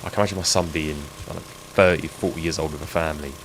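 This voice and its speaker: Gravelly deep man streaming. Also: fairly even intonation, racing. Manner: chatty, joking, talks to viewers while playing. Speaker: game streamer. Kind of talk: live gameplay stream chat. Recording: game sound noise behind.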